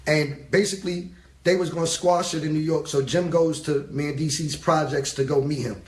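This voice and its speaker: A man's voice: fairly high pitch, fairly even intonation, normal speed, reverberant, a little hiss or hum. A male interviewer recapping the story for his guest.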